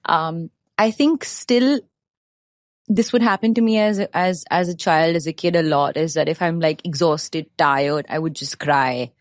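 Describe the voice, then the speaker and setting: Animated woman, laughing storyteller. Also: low voice, a little slow, no echo, studio quality. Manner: animated storyteller who acts out quoted voices and laughs often. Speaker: podcast guest. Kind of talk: casual conversation.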